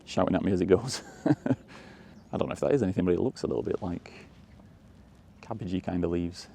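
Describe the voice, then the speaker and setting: A man's voice: low voice, fairly quick, creaky, warm tone, a little hiss or hum. A man chatting casually as he walks outdoors through countryside, rambling and chuckling. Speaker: walking tour vlogger. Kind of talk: casual walking commentary. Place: countryside fields and lanes, outdoors.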